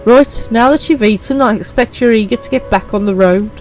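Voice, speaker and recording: A woman voicing a brisk, businesslike merchant companion in a game, chatty and upbeat. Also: on the high side, soft background music, voice pushed up, natural voice, poor audio.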